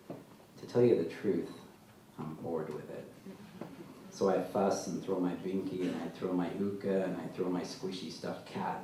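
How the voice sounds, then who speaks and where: A man as an author at a live literary reading, telling his story in a dry, deadpan way, recorded from far off in a large hall. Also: low voice. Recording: echoey hall, mic far off, faint noise.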